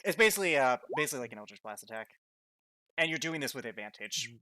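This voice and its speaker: Male game master, bright voice, slow dramatic narration. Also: mid-range voice, expressive, no echo. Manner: slows right down for dramatic narration.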